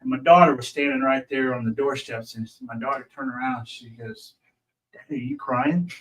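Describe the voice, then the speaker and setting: A man's voice: medium pitch, steady tone, a little fast, fairly bright tone. A man, a pit crew member, telling racing stories in a casual, rambling way with many restarts. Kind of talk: casual storytelling on a racing talk show. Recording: from a distance.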